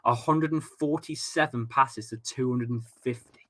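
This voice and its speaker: A man's voice: medium pitch, normal speed. A young Englishman hosting a football fan watchalong, reading out chat comments in a jokey, rambling way and often repeating himself. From England. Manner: chatty, jokey, repeats himself and stumbles on words. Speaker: host of a fan watchalong stream. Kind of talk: casual live-stream chat reading comments.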